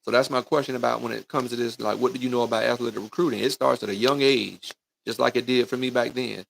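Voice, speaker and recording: A middle-aged youth football coach gives a folksy, preachy motivational talk on a livestream, speaking straight to parents and kids with lots of "right?" and "man." He talks fast in a creaky, mid-range voice with fairly even intonation, over a little hiss or hum.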